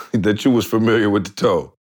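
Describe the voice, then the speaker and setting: A man co-hosting a podcast in casual chat, jumping in with quick pushback. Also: fairly low pitch. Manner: quick, lively, chiming in with pushback. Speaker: podcast co-host.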